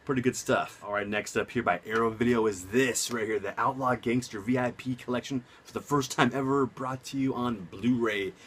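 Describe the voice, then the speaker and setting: A young man, casually reviewing movies at home, rambling and excitable with lots of side notes. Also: mid-range voice, normal speed, hardly any pauses, a little hiss or hum. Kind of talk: casual enthusiastic vlog. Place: home room.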